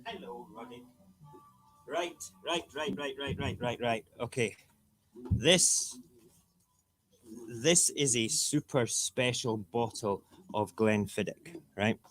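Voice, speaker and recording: A man hosting a casual morning livestream from his dinner table, chatting in an animated way, repeating himself, and reading rhyming verse with relish. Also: medium pitch, takes it slowly, pauses often, faint music behind. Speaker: livestream host. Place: home dinner table, TV cartoons in the background.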